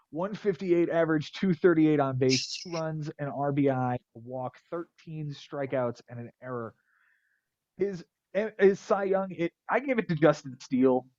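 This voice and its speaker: A man's voice: fairly high pitch, darkish tone, dry recording, highs cut off. Wisecracking man reading off stat lines. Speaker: podcast host. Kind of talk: casual fantasy baseball recap.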